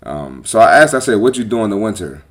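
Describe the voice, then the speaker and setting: A man hosting a podcast as a personal trainer, talking bluntly and with profanity in a casual, animated monologue. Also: fairly low pitch, fast talker.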